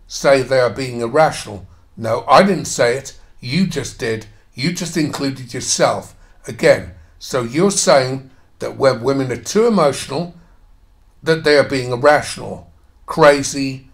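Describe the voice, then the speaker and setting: A man's voice: medium pitch, lively intonation, measured pace. A man giving a ranting commentary on an article he reads aloud. He is sarcastic and swears heavily while mocking the quoted lines. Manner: angry, sarcastic, heavy swearing; reads quoted passages, then mocks them.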